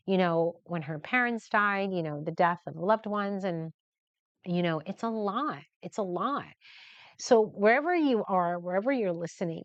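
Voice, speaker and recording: Earnest middle-aged woman, lower voice. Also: no room sound. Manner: earnest, heartfelt, candid. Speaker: photographer hosting a livestream. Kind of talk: motivational livestream talk. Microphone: camera mic at close range. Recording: dull, lo-fi and dry.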